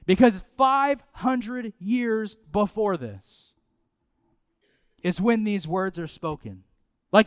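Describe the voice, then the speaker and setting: A man, preaching a sermon in a conversational, animated way with asides and repetition. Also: high-pitched, smooth, dry recording. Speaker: pastor.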